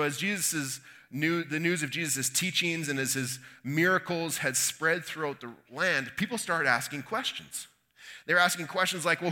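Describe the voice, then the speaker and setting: A man's voice: a little high, bright, forceful tone. A man from Canada preaching a conversational sermon, retelling a Bible story with folksy asides and quoted voices. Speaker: pastor.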